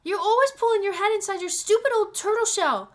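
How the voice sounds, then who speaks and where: A woman voicing a stubborn, grieving girl of about ten in a read-aloud storybook, pitched high and pleading. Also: normal speed, lightly acted. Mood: angry.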